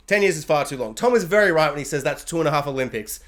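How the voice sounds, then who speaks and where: Excitable high-voiced man gushing. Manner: excitable, gushing, mimics characters in quick bursts. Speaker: reviewer. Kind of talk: animated TV review rant.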